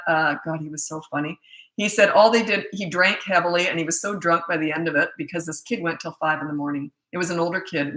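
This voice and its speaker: A middle-aged woman from Canada giving parenting advice in a casual live Q&A, talking in a brisk, direct way and reading viewer questions aloud. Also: on the low side, pushed and bright. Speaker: parenting coach. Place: room at her computer. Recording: echoey room.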